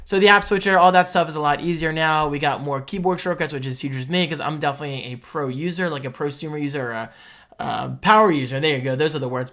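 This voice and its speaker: A young man talking casually in a tech reaction vlog, excitable and quick to get loud and heated. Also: fairly high pitch. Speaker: tech vlogger.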